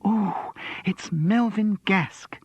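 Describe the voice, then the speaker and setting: A man's voice: a little high, big pitch swings, unhurried, breathy edge, dry recording, highs cut off, voice pushed up, heavily acted. A man voicing a giggly, flirtatious woman contestant who squeals and gossips. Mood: gossipy.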